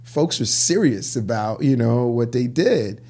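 A man's voice: medium pitch, unhurried. A man telling stories about his business in a casual interview, acting out the dialogue he quotes. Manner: animated, acts out quoted dialogue. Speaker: guest, clothing store founder.

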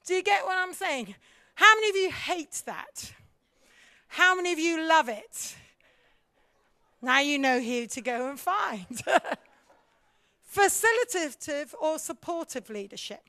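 A lively woman speaks in a high voice, teaching a congregation about leadership. She fires questions at her listeners and acts out other people's voices as she goes. The sound is dry and close, with no room echo. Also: unhurried, pauses often. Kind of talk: church teaching talk.

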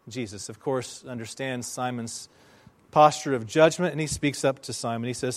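A man preaching a sermon, telling a story with slow, emphatic phrasing and dramatic pauses. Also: mid-range voice, animated. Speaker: pastor.

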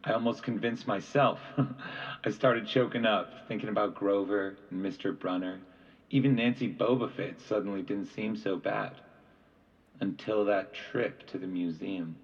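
A man's voice: lowish voice, fairly even intonation, unhurried, slightly rough, far from the mic, lo-fi sound. A man reading a novel aloud as first-person narration in a plain, conversational manner. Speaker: audiobook reader.

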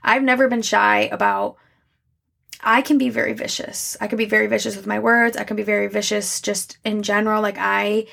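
A young woman speaks openly and reflectively in a podcast monologue. Her mid-range voice has a gravelly, fry-laden texture. She talks haltingly, restarting her sentences and filling gaps with "like.". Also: mid-range voice, little pitch movement, a bit bright. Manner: candid, halting, many restarts and "like" fillers. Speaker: podcast host.

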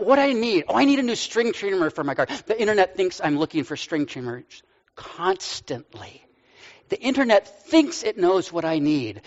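Older male pastor, sixties, relaxed storytelling sermon with gentle humor; slightly high voice, dull audio in a long-reverb church hall. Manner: storytelling, conversational with light humor.

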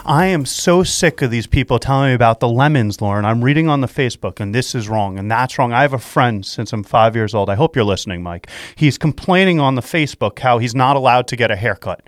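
Excitable radio guy hyping people up, repeats himself a lot, dry close sound. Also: medium pitch, brisk, hardly any pauses, no echo. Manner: excitable, repetitive, preachy pep talk. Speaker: radio show host and real estate investor. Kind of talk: motivational radio talk. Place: at home during quarantine.

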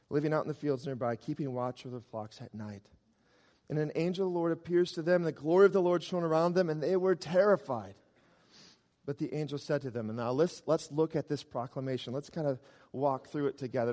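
A man preaching a sermon as a pastor, swinging from loud emphasis to quiet, low asides. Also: in a large hall.

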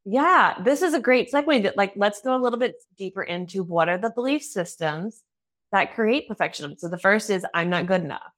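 A woman's voice: mid-range voice, lively intonation, a little fast, a bit bright. A woman in her thirties hosting a podcast interview, chatty and candid, laughing often and acting out her own inner thoughts. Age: 30s. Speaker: podcast host. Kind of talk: casual interview chat.

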